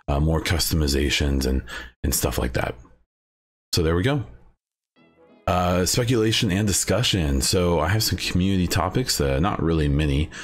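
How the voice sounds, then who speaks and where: Very deep-voiced man hosting a gaming podcast. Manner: casual, rambling, many fillers and restarts. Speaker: podcast host. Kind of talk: solo gaming podcast talk.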